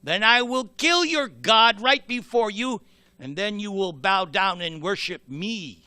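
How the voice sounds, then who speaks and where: A man's voice: a little high, big pitch swings, slow, vocal fry, dry recording, studio quality, full character voice. A man voicing a raging, boastful demon king. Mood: furious, mocking. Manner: shouting, boastful, mocking laugh. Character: furious proud demon king, male adult.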